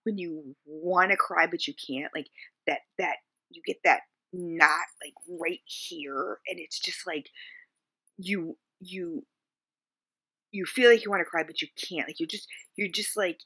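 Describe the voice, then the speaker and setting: Woman vlogger, lowish pitch, bright edge, halting, lots of fillers, soft and subdued. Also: steady tone, slightly rough. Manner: halting, searching for words, frequent fillers. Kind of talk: personal storytelling to camera.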